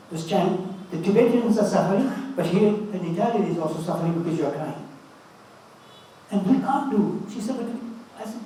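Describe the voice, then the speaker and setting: Elderly man in his eighties, warm fatherly speaker, high soft voice, far from the mic in a roomy hall. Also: expressive, a little fast, slight background noise. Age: 80s. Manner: storytelling, fatherly and earnest. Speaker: speaker giving a talk. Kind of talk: motivational spiritual talk. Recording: roomy, distant mic with faint ambience.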